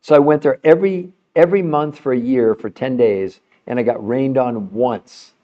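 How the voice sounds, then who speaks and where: A man's voice: medium pitch, moderate pace, lo-fi sound. An older man hosting a health show, chatting casually and animatedly with a caller, often laughing and calling her by name. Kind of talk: casual live call-in chat.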